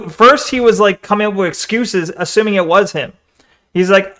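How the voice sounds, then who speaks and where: High-voiced sarcastic male streamer. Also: brisk, fairly bright tone. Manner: sarcastic, mocking, laughs often. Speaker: streamer reacting to a video. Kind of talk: live reaction commentary.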